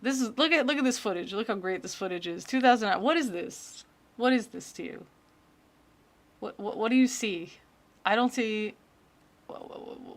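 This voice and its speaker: A woman's voice: mid-range voice, normal speed. A woman streamer chatting casually and joking as she reacts to creepy videos. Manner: chatty, joking, rambling asides.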